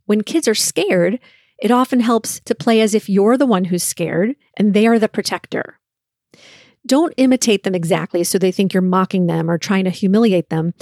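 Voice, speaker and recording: A woman's voice: medium pitch, dry recording, studio quality. Mother in her forties hosting a podcast. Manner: storytelling, lively when acting out quotes. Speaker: podcast host and parent. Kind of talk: solo podcast talk.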